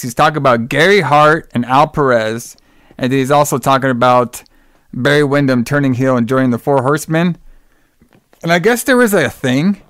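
A man's voice: mid-range voice, a bit bright, smooth, dry recording, clean studio sound. A man hosting a podcast in casual chat, rambling, laughing and swearing freely. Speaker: podcast host.

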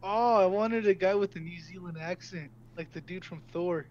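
A man's voice: sits high, moderate pace. A young man playing a tabletop game, answering in a matter-of-fact way. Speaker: player. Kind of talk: casual chat. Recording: dull lo-fi sound with faint hum.

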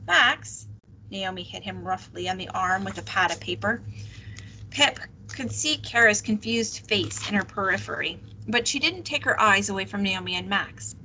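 A woman teacher reading a novel aloud, steady and expressive. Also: mid-range voice, a little hiss or hum, rough recording.

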